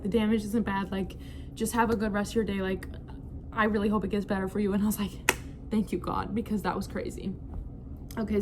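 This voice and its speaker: A young woman telling a frank, animated storytime to her viewers, full of slang and "like". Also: mid-range voice, slight background noise. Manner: animated, frank, slangy, many fillers like "like" and "bro". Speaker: vlogger. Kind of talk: casual storytime chat.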